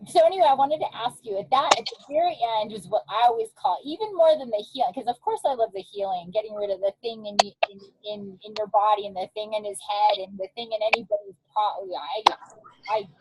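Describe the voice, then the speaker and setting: A woman's voice: mid-range voice, lively intonation, brisk. A woman energy healer hosting a casual interview, talking emotionally and laughing often as she rambles. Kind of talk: casual video-call interview. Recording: faint background noise with clicks.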